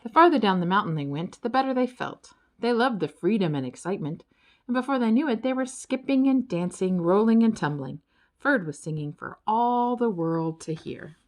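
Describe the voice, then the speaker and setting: A woman reading a children's storybook aloud as narrator, with expressive, lively storytelling. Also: mid-range voice, a little fast. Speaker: audiobook reader.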